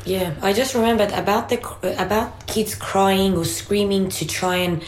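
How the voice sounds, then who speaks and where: A woman co-hosting a casual conversation, a mother telling everyday stories in a chatty, animated way and laughing easily. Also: medium pitch, normal speed, slight background noise. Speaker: podcast co-host and mother. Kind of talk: casual conversation, anecdotal storytelling. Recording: roomy echoey room.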